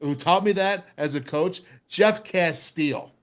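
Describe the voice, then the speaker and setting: Middle-aged male sports-talk host, fairly high voice, animated storyteller who does the voices. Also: measured pace. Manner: animated storyteller, acts out voices, laughs often. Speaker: radio show host, former football player.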